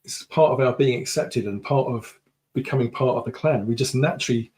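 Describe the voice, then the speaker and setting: Male guest from the UK, mid-pitched, relaxed anecdotal delivery on a video call. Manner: chatty storytelling, unhurried. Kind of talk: casual conversation.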